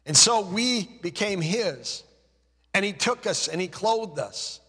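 A man delivers an impassioned sermon in a high, husky voice, taking his time over each phrase. He lets his voice sink low and soft when he leans on a point. A long reverb from the hall trails behind his words. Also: expressive, slow. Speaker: preacher.

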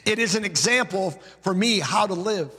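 A man's voice: high voice, animated, normal speed, sharp tone, breathy edge, big-room sound, soft background music. A male pastor preaching a sermon, emphatic, building his points through rhythmic repeated lists.

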